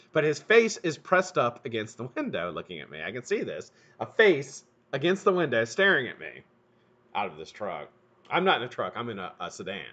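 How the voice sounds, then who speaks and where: A middle-aged man hosting a live stream, telling a profane, animated story while he works. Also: medium pitch. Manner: animated, profane, laughs at his own story. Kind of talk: casual storytelling while building coils. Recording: dull lo-fi stream audio.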